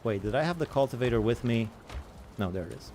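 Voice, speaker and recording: A man's voice: medium pitch, expressive, quick pace, a little mellow, a little hiss or hum. A man giving rambling, self-mocking commentary while he plays a survival game and answers chat. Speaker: gaming streamer. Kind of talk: casual let's-play commentary.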